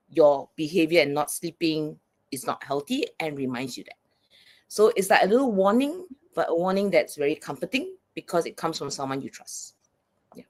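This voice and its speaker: A woman's voice: lowish voice, a little mellow. A woman speaking as a psychologist and coach guest in an interview, earnest and explanatory, often checking in with "right?".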